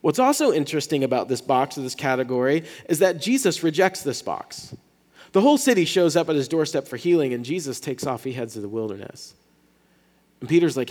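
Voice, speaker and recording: A man's voice: a little high, brisk. Conversational man preaching in a reverberant hall. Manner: conversational, animated preaching with restarts. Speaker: pastor. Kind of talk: sermon.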